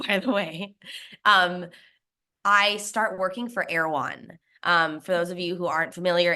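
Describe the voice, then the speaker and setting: Bright-voiced chatty woman guest. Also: low-pitched. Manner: chatty, laughs often, quotes others in lively asides. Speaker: guest, snack brand founder. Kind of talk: casual interview storytelling.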